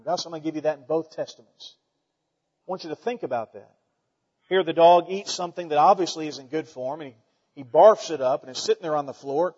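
A man preaching a folksy, animated sermon to his church, swinging between loud declarations and quiet asides. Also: fairly high pitch, brisk, husky. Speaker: pastor. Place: church sanctuary. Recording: dull sound with long hall reverb.

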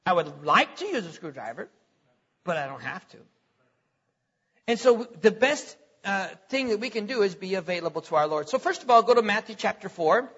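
A man's voice: high-pitched, very animated, moderate pace, a bit bright, breathy edge. A middle-aged man preaching a sermon in a conversational way, repeating words and chuckling between points. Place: church hall. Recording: lo-fi recording in a reverberant hall.

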